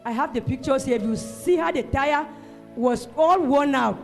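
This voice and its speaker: A woman gives an animated testimony at a church service. Her voice sits high, and she rises into loud shouts of praise. Soft music plays underneath. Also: moderate pace, vocal fry. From Cameroon. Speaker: church member giving a testimony.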